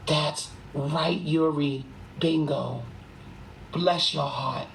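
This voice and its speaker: A live streamer chats into a phone from a room at home, rattling off gossip in a quick, emphatic and profane way. The pitch sits in a middling range for the speaker. A faint hiss hangs behind the voice. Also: steady tone, gravelly, low-quality recording. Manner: rapid, emphatic and profane, hushed at times. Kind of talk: gossipy livestream chat.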